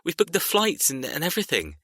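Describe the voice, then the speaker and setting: A man's voice: fairly high pitch, huge pitch swings, brisk, fairly bright tone, no room sound, studio quality, exaggerated voice. A man voicing an upset, protective adult brother in an audiobook, agitated and pleading. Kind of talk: audiobook character reading.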